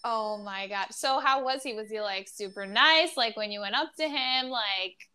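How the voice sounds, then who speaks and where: A woman's voice: on the high side, normal speed, pushed and bright, clean tone. A woman co-hosting a podcast in casual chat, eagerly reacting and asking questions. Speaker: podcast co-host.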